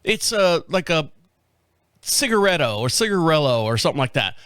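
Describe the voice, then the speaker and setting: A man's voice: on the high side, very animated, moderate pace, fairly bright tone, clear, resonant tone, no room sound, clean studio sound. A man in his fifties telling a rambling story in a casual monologue, acting out the other people's lines as he goes. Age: 50s. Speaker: podcast host.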